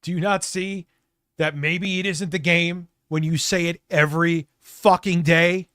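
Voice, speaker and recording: A man doing a whiny, complaining streamer voice pushed high and loud. It is exaggerated and sing-song, with the pitch swinging widely. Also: very animated, normal speed, no room sound, clean studio sound. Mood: exasperated. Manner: exaggerated, whining.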